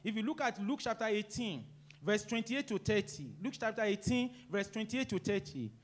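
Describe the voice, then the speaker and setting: A middle-aged man preaching a sermon, swinging between loud emphatic rises and quiet, low asides. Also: animated, moderate pace. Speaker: pastor.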